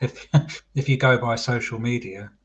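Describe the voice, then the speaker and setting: A man's voice: mid-range voice, a little slow. A man hosting a casual football chat livestream, chatty and calling his viewers mate. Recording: dull lo-fi stream audio.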